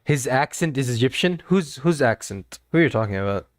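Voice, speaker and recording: A man's voice: medium pitch, expressive, brisk, no room sound, clean studio sound. A man streaming live, talking to his chat in an earnest, lecturing way and often repeating himself. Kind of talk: casual livestream talk to chat.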